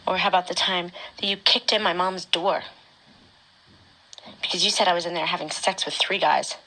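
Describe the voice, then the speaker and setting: A woman speaking an emotional personal testimony straight to her former partner, often dropping to a hushed whisper. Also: lowish voice, fairly even intonation, moderate pace, poor audio. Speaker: mother recounting her own experience.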